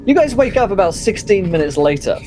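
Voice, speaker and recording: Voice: mid-range voice, very animated, fairly quick, darkish tone, faint music behind, rough recording. Rambling, filler-heavy game master. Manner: rambling, many ums and likes, laughs at own rulings. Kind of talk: narrating a tabletop game.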